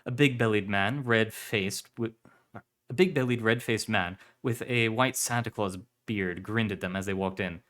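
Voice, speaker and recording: A man reading a story aloud on a live stream, in steady narration with some self-corrections. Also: on the low side, measured pace.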